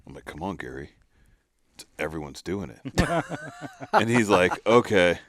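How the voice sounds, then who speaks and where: His voice sits low and his pace is measured. He's a co-host on a hunting podcast, spinning a casual story with lively energy and voicing other people's quotes as he goes.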